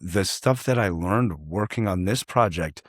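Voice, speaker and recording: A man's voice: sits low, a little slow, dry recording, clean studio sound. A man in casual podcast talk, reflective and loose, cursing freely and trailing into fillers. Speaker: guest, artist and songwriter.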